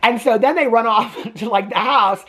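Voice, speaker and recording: A woman casually recapping a movie plot, rambling and laughing, swearing now and then and acting out the characters in high voices. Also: normal speed, a bit bright. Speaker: movie reviewer.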